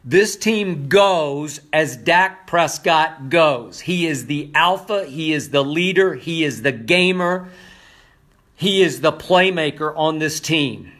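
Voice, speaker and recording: An older man giving impassioned sports commentary, emphatic and repetitive, hoarse from losing his voice. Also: a little high, animated, slow, a bit bright.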